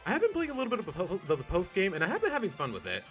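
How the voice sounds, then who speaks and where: A man's voice: sits high, very fast, soft background music. Jokey young male game streamer. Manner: animated, jokey, slips into silly accents. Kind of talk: casual live-stream chat.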